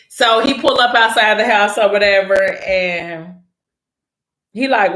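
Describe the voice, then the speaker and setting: Young woman, casual story recap, animated, slangy, medium pitch, echoey room. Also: measured pace. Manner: animated, slangy, laughing asides. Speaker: book recap vlogger. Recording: roomy echo.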